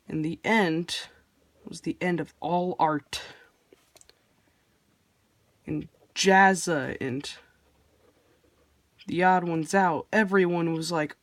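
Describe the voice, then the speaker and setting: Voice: medium pitch, slow, pauses often, no echo. A person hosting a casual drawing tutorial, talking in a rambling, offhand and self-deprecating way while sketching. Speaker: art tutorial host.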